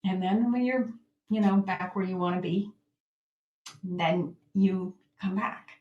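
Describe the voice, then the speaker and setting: A woman's voice: medium pitch, fairly even intonation, takes it slowly, lo-fi sound. Woman coaching in an echoey room. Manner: gentle, acts out her own inner thoughts. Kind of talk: reflective self-help teaching.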